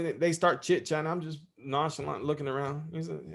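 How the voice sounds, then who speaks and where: Gravelly man telling a loose story. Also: a little high, fairly even intonation, a little fast, hardly any pauses. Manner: loose, rambling, cusses freely. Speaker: guest, interview podcast host. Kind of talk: casual storytelling chat.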